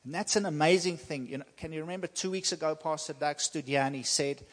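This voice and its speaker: A fairly high-voiced man preaching with emphatic, repetitive phrasing and slow, weighty pauses. His voice carries a long reverb that rings through a church hall. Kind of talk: sermon.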